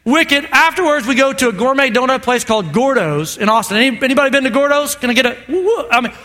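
Male pastor, high bright tone, lively joking sermon delivery. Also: quick pace. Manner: animated, joking, calls for amens. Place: church auditorium with congregation.

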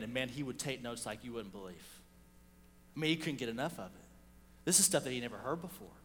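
A man preaching a sermon, telling a story with animated swings between loud and hushed delivery. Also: fairly high pitch, in a large hall. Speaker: pastor.

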